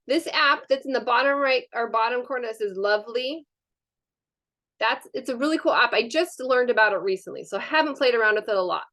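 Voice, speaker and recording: A woman's voice: fairly high pitch, sharp tone. A woman presenting a live online wellness workshop over a video call, chatty and upbeat with frequent fillers.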